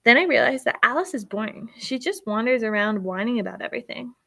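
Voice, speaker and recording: A woman's voice: fairly high pitch, animated, fast, gravelly, sharp tone, full character voice. A woman voicing a dramatic, theater-loving girl who sounds impatient and a bit whiny, in a storybook reading.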